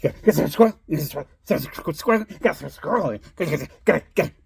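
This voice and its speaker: A man voicing his affectionate, excitable male dog, who says the same loving lines over and over. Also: on the high side, rapid-fire, gravelly, husky, no room sound, clean studio sound, full character voice. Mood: eager. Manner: doting, repetitive pleading.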